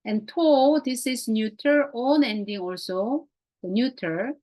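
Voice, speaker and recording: A woman with a fairly high, darkish voice, who speaks English as a second language with Korean as her first, is a Greek teacher leading a grammar class. She moves at an unhurried pace and patiently repeats key words and phrases.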